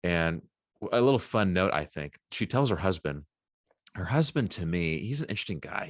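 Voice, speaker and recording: A man co-hosting a casual Bible podcast, retelling a story in a lively way and acting out the quotes. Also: sits low, fairly quick, no echo, clean studio sound. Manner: animated retelling with acted-out quotes. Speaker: podcast co-host.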